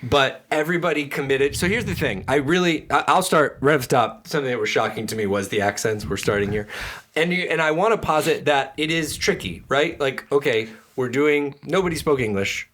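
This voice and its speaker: A man's voice: mid-range voice, a little fast, fairly bright tone. A man co-hosting a comedy podcast, chatting casually and animatedly about a film, laughing often. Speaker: podcast co-host. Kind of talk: casual comedic movie review chat.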